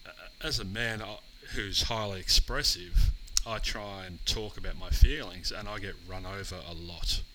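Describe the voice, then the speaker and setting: A man speaking as a guest in a casual conversation, earnest and expressive with halting restarts. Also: low voice, slight background noise, rough recording. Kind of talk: casual podcast chat.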